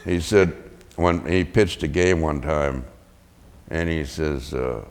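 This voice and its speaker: A man's voice: rumbling low, slow, in a large hall. An older man, a veteran, telling chuckling anecdotes in an oral history interview and acting out the voices he quotes.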